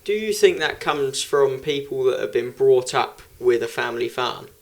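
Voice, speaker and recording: A man co-hosts a casual podcast in a teasing, jokey way, laughing often. His voice sits at a middle pitch. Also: lively intonation, moderate pace.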